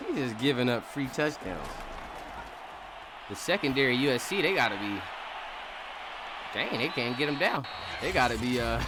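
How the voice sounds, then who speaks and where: A young man doing casual, laughing live commentary on a simulated football game, breaking into shouts at big plays. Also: medium pitch, big pitch swings, measured pace, pauses often, crowd noise, noisy background.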